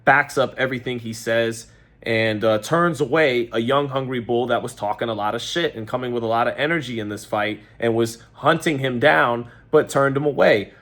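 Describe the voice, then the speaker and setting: A New man reacts to a boxing match in a loose, conversational way. He rambles, corrects himself mid-sentence and leans on fillers. His voice sits at a medium pitch. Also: normal speed, fairly bright tone. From New York. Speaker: boxing commentator. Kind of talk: casual fight-reaction commentary.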